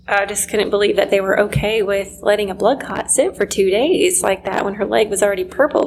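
A woman's voice: medium pitch, gravelly, slight background noise, poor audio. A woman, earnestly telling a personal story of loss, her voice sometimes dropping near a whisper. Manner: earnest, emotional, quiet moments near a whisper. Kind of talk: personal testimony.

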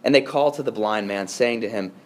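A man preaching a sermon as pastor, earnest, swinging between quiet hushed passages and raised, emphatic lines. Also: on the low side, quick pace. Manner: earnest preaching, dropping to a hush and rising with emphasis.

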